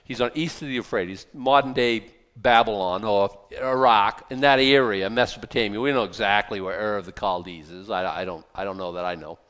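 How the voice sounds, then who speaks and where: A man preaching a Bible sermon in a conversational, animated way, often restarting and breaking into asides. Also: lowish voice, brisk, hardly any pauses. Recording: long hall reverb.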